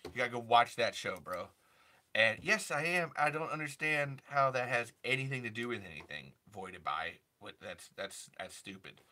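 Bright-voiced rambling stream host. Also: medium pitch, lively intonation, moderate pace. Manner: rambling, restarts, shifts into impressions. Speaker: livestream host. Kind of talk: casual livestream chat.

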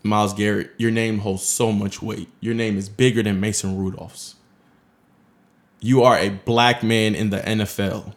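A man co-hosting a sports talk show, animated and scolding, repeating his points for emphasis. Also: lowish voice. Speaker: podcast co-host. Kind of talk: heated sports commentary chat.

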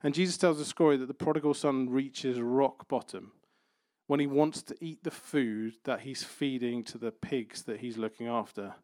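Man, conversational sermon, light playful asides, mid-pitched, dry close sound. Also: normal speed, darkish tone, dry recording. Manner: conversational preaching with playful everyday examples. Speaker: pastor.

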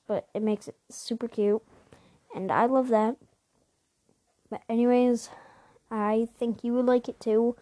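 A woman hosting a podcast, chatting casually about video games in a rambling way with many restarts and quick apologetic asides. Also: a little high, warm tone, no echo. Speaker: podcast host.

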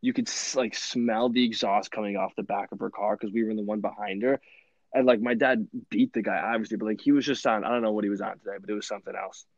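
A young man telling stories in a rambling podcast chat, animated and full of fillers and laughs. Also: lowish voice, fast talker, no room sound, muffled recording. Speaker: podcast host. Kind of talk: casual storytelling chat.

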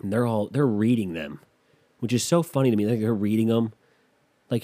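A man's voice: fairly low pitch, moderate pace, pauses often, dark tone. A man telling a rambling, self-deprecating story in casual chat, losing his thread and picking it back up.

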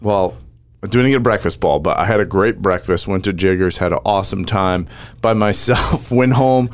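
A man in casual chat, animatedly recounting a match shot by shot. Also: deep voice. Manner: animated storyteller, rapid play-by-play recounting.

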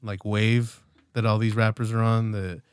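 A man's voice: lowish voice, level tone, unhurried, clear, resonant tone, no room sound, clean studio sound. A man in his late twenties co-hosting a podcast, rambling casually with lots of fillers and swearing. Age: late 20s. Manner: rambling, loose, profane, many fillers. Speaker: podcast co-host.

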